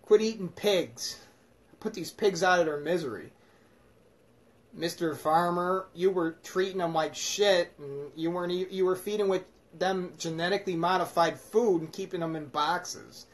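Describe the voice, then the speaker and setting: A man's voice: high-pitched, normal speed, natural voice. A man voicing Jesus as a crude, blunt scold, talking in a profane, casual, mocking way.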